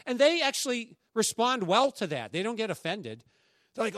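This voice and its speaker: A man preaches in a notably high voice, keeping it conversational and lively as he acts out what the people in his stories say. The sound is close and dry, with almost no room around it. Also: fairly quick, no room sound. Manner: animated, conversational preaching with acted-out quotes. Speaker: pastor. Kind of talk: sermon.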